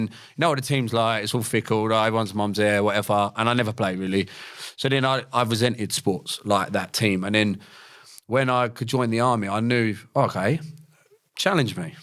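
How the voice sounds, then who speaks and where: A man's voice: fairly low pitch, a bit bright. A young man, a podcast guest telling his life story in a blunt, slangy way with plenty of swearing. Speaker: podcast guest, former paratrooper and fighter. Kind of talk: casual storytelling interview.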